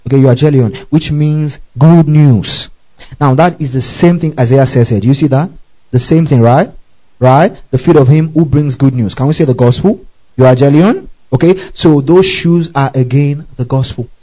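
Man preaching, emphatic, quizzes the congregation, fairly high voice. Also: moderate pace, lo-fi sound. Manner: emphatic, questions the congregation often, spells Greek words, laughs. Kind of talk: sermon.

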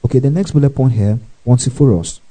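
A man's voice: medium pitch, normal speed, dark tone, poor audio. A male pastor giving a Bible teaching sermon, spelling out words letter by letter and checking in with listeners with frequent "okay" and "praise the Lord".

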